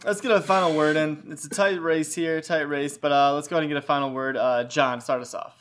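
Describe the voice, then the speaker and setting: A man's voice: fairly high pitch, steady tone, fairly quick, fairly bright tone. A man moderating a comedic panel debate in a mock-formal, announcing manner. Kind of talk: mock game-show hosting.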